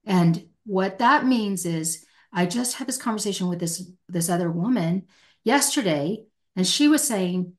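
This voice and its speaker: With a fairly low pitch and lively intonation, a middle-aged woman speaks unhurriedly as a podcast guest. She works as a hostage negotiator and answers emphatically, passionately voicing the words of others she quotes.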